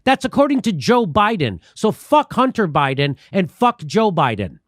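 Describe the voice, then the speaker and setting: A man's voice: high-pitched, sing-song, moderate pace, no echo, clean studio sound. A man hosting a political comedy commentary show, ranting with heavy profanity and laughing often. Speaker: show host.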